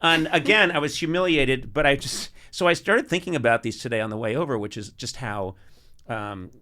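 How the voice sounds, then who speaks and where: A middle-aged man telling funny stories in casual chat. He is animated, laughs often, and gets loud when he is excited. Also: medium pitch, brisk. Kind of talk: comic storytelling chat.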